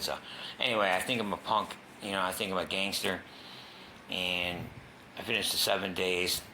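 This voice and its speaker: A man with a deep, pushed, bright voice speaks at a moderate pace with slight background noise. He's a guest recounting his recovery frankly and casually, swearing freely and dropping to a whisper when the story gets tense.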